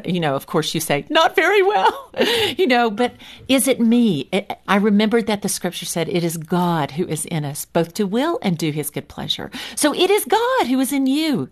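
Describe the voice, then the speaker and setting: This is a middle-aged woman speaking as a guest on a faith conversation show. She tells personal stories with an animated, expressive manner, laughing often and acting out the voices she quotes. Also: mid-range voice. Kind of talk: faith-based storytelling in conversation.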